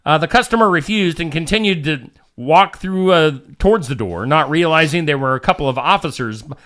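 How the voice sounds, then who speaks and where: A man's voice: on the high side, animated, brisk, fairly bright tone. A man hosting a casual show, reading odd news stories and joking with his co-host. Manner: jokey, puts on silly voices while reading.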